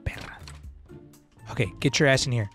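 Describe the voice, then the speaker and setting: A man's voice: mid-range voice, normal speed, a bit bright, faint music behind. Joking, profane young man. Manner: joking, profane, mixing in Spanish slang. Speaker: gaming streamer. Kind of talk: casual let's-play commentary.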